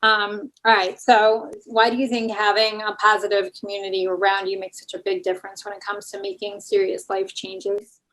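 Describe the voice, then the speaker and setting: A woman's voice: medium pitch, level tone, moderate pace, hardly any pauses, fairly bright tone, rough recording. A woman hosting a casual podcast interview, asking questions and making joking asides about herself. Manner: joking, self-teasing asides. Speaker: podcast host.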